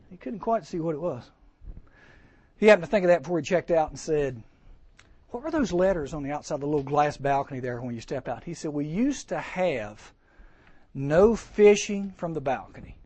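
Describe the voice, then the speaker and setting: A man preaching a sermon to teens, lively and joking, acting out voices and asking the crowd questions. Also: fairly high pitch, brisk, slightly rough, dry recording. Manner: lively, acts out voices, jokes, rhetorical questions. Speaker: camp speaker.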